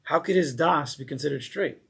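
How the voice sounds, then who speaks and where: A man teaching a relaxed Torah class, his voice a little high and husky. He talks animatedly, throwing in sudden loud impressions of angry people. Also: a little fast.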